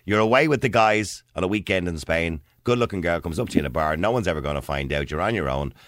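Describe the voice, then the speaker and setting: A middle-aged man hosting a radio talk show, blunt and animated, often talking over the others. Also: low voice, fast, dry recording, clean studio sound. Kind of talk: lively radio studio debate.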